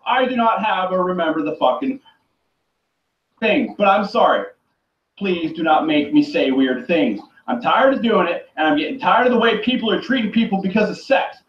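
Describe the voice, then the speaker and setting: A man with a strikingly high voice rants on his own, swearing constantly and circling back over the same points. He keeps breaking into shouts. The sound is dull and lo-fi, picked up from a distance in an echoing room with water running behind him. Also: animated, moderate pace. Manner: profane, rambling and repetitive, often shouting. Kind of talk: angry solo rant to camera. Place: room by a running turtle tank.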